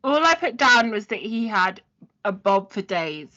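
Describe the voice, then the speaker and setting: A woman's voice: medium pitch, sing-song, measured pace, bright, forceful tone, highs cut off. A woman co-hosting a podcast, chatting casually and recapping from her notes. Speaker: podcast co-host. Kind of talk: casual chat.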